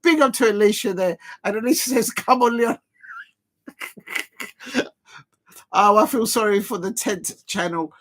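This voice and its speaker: A man doing live football reaction commentary as a streamer, chatty and quick to exclaim. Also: high voice, lively intonation, fairly bright tone. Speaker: live watch-along streamer.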